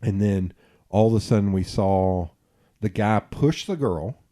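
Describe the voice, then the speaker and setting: A man in his forties hosting a podcast, telling stories in a lively, profane way and acting out the quotes. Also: on the low side, unhurried. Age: 40s. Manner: animated, acts out quotes, swears freely. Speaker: podcast host. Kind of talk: casual storytelling chat.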